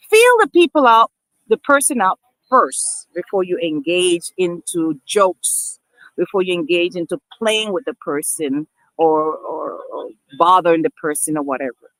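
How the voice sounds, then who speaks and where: A woman's voice: on the low side, animated, unhurried, fairly bright tone, no room sound, low-quality recording. A woman vlogger talking earnestly to camera, emphatic and repeating herself as she addresses her viewers as people. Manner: repeats and restarts phrases. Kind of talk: casual talk to camera.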